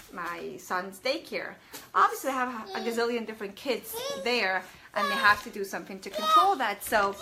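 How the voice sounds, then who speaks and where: A woman's voice: a little high, heavy background noise. A woman in her thirties chatting casually to camera as a parenting vlogger, rambling a little with fillers and restarts.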